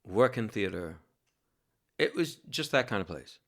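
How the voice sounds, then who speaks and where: A New Yorker appearing as a guest in a relaxed interview tells a lively story at his own expense, laughing along the way. His voice is fairly low and his pace is measured.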